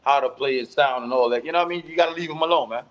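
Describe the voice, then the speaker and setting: A man co-hosting a casual talk show, laid-back and quick to laugh, gently pushing back on his co-host. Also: mid-range voice, highs cut off. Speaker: podcast co-host. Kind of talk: casual chat about sound clashes.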